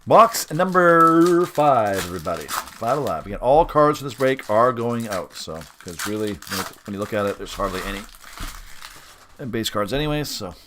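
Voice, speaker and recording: A man's voice: fairly low pitch, expressive, fairly bright tone, slight background noise. Chatty man calling card pulls. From Western Canada. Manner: chatty, rambling, reads out cards with quick upbeat reactions. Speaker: sports card breaker host. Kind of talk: casual live card-break commentary.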